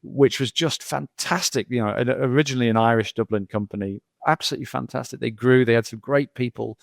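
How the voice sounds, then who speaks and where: A man's voice: medium pitch, brisk, creaky, no room sound. A middle-aged male geologist talking casually as a podcast guest, rambling through anecdotes with lots of repeats and "you know".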